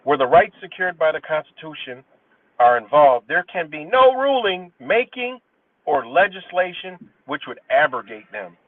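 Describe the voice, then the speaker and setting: Big pitch swings mark this New York State man's fairly high voice as he hosts a livestream, reading case citations haltingly and cursing bluntly in between rants. It's a dry, distant, tinny phone-like recording.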